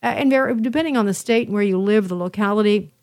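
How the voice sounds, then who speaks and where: A woman's voice: medium pitch, quick pace. A woman host talking straight to her listeners in a casual monologue, telling stories with emphatic repetitions. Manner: animated storytelling, emphatic repetitions.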